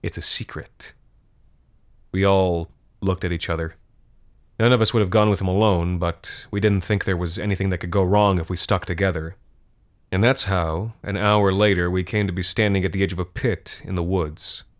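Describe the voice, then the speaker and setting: A man reading a scripted horror story in a measured, grim manner. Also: low voice, fairly even intonation.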